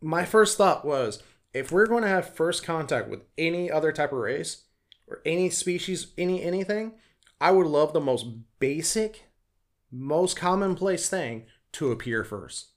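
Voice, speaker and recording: A man co-hosting a casual podcast chat, animated and acting out quoted reactions. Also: on the high side, a little slow. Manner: animated, acts out quoted voices. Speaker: podcast co-host.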